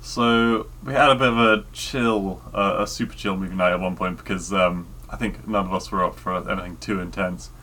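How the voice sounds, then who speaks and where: A man co-hosting a podcast in easygoing casual chat, often halting to find his words. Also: low-pitched, steady tone, pushed and bright. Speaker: podcast co-host.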